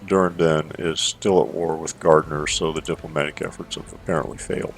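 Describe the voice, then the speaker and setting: A man giving measured strategy gameplay commentary into a desk microphone, thinking aloud with fillers as he plays. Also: extremely low pitch, little pitch movement, faint music behind.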